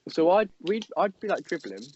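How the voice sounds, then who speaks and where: A young man co-hosting a podcast, telling a story in an animated, exasperated way. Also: sits high, moderate pace, a little hiss or hum. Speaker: podcast co-host. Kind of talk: casual storytelling chat. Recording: dull lo-fi podcast audio.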